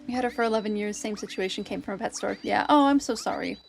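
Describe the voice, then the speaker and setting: A woman's voice: mid-range voice, fast, gravelly, soft background music. A woman streaming a video game, chatting casually and nerdily with her viewers and laughing often. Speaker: streamer and biologist. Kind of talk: casual game livestream chat.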